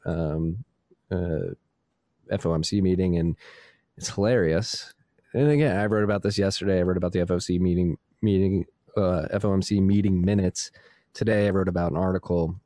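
A man's voice: deep voice, warm tone, no room sound, studio quality. A man co-hosting a casual podcast, ranting with exasperation and swearing freely. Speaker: podcast co-host. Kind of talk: casual chat.

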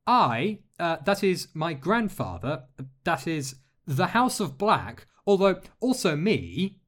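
A man's voice: a little high, very animated, slow pace, fairly bright tone, pitched above the performer's own voice, heavily acted. A man voicing an earnest, flustered young witch girl who stammers when embarrassed. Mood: shy.

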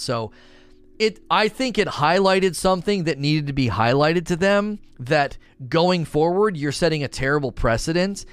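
A man's voice: fairly high pitch, expressive, moderate pace, clear, resonant tone, no echo. Man rambling about a video game. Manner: rambling, with many restarts and asides. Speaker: gaming content creator. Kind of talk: casual commentary, answering viewer questions.

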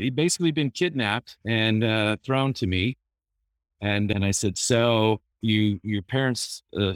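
A man's voice: fairly low pitch, dry recording. A man who works as a therapist, telling anecdotes in an easygoing, casual way with plenty of fillers. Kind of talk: casual storytelling.

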